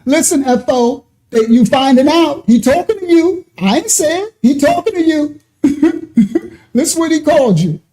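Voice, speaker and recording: A man's voice: extremely high pitch, sing-song, measured pace, mellow. A man hosting a ministry channel, reacting to a clip and talking straight to commenters, laughing often.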